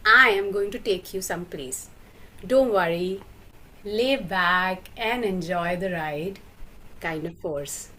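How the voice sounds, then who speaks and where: A woman performing a stage monologue as a bold, playful woman who loves pleasuring women, speaking slowly in a hushed tone. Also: on the low side, exaggerated voice. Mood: sly, hushed. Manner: slow, hushed storytelling that bursts into loud moaning.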